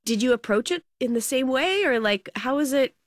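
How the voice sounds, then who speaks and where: Woman interviewer, bouncy pitch, dead dry sound. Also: animated, normal speed, no echo. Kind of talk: interview questions.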